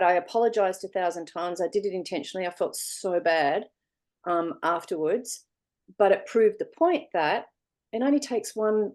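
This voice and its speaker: Aussie woman guest on a video call, warm mellow voice, acts out little voices as she talks. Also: medium pitch. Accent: Australian. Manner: animated storyteller acting out voices. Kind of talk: online interview.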